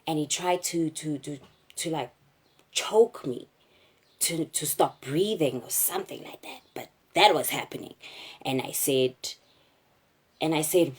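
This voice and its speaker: A young South African woman telling a personal story to camera, candid and halting, with frequent fillers. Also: low-pitched, a little mellow, husky.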